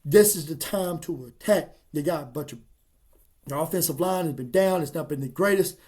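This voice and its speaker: Guy hyping his football picks, kinda high voice, folksy and fired up. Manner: excitable, folksy, emphatic. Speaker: college football commentator. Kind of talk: casual sports picks monologue.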